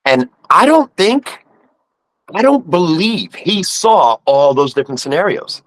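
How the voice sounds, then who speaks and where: A man's voice: fairly high pitch, very animated, unhurried, no echo, poor audio. A man in his fifties with a New York accent, a guest telling a personal story in casual conversation and acting out the voices he quotes. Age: 50s.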